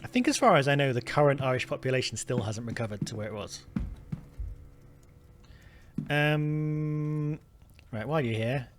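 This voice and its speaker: A man's voice: mid-range voice, lively intonation, moderate pace, pauses often. A man hosting a game playthrough, chatting casually and thinking aloud. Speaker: gaming host. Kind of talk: casual let's-play commentary.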